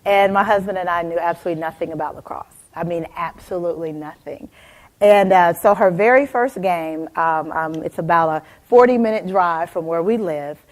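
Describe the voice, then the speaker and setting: Animated woman giving a keynote talk. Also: fairly low pitch, moderate pace. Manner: animated storytelling, addresses audience members by name. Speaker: motivational speaker. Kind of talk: keynote talk to a live audience.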